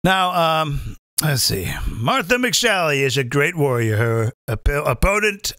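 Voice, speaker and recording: A man's voice: fairly high pitch, big pitch swings, slow pace, pushed and bright, no room sound, studio quality. A man in his fifties hosting a live comedic political rant, rambling and repeating phrases as he stumbles over restarts. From British American. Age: 50s. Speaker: comedian host.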